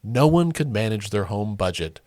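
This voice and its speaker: A man's voice: fairly low pitch, dry recording, clean studio sound. A man co-hosting a casual political podcast, reacting with disbelief and making his points with everyday examples. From Oklahoma. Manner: incredulous, lively, quick to exclaim. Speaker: podcast co-host.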